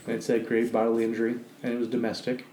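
A man's voice: mid-range voice, monotone, racing, warm tone, echoey room, slight background noise, low-quality recording. A man co-hosting a podcast, talking bluntly and swearing freely in casual chat. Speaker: podcast co-host.

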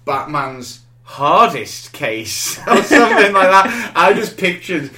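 Animated man telling stories. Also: high voice, slow pace. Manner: animated storyteller, acts out quotes. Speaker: podcast co-host. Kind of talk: casual chat. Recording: roomy echo.

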